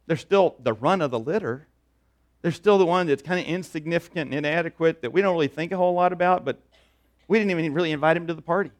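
A man plays a sheepish older father owning up to something. He speaks quietly and hesitantly. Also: fairly high pitch, fast, lightly acted.

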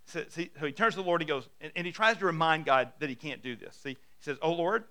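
Bright-voiced male preacher. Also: fairly high pitch, fast talker. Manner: conversational storytelling, acting out quotes; asks the congregation questions. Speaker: pastor. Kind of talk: sermon.

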